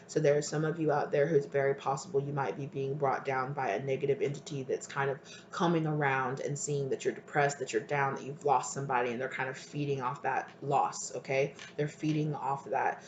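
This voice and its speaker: A tarot reader doing an intuitive reading for viewers, talking tenderly and hesitantly and sometimes dropping to a breathy near-whisper. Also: medium pitch, level tone, a little fast. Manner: soft, tender, hesitant, calls listeners "my love". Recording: roomy with faint ambient noise.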